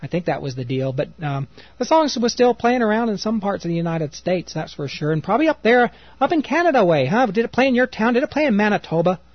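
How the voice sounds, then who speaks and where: A man's voice: high-pitched, big pitch swings, quick pace, dry recording, lo-fi sound. A man co-hosting a radio show in casual chat, rambling and trailing off with fillers. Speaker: radio co-host.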